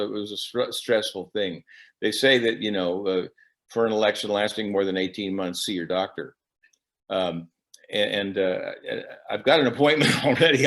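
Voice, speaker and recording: A man who is a musician, speaking casually at a church service with wry joking asides and a halting delivery full of restarts. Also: lowish voice, a bit bright. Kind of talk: casual spoken reflection.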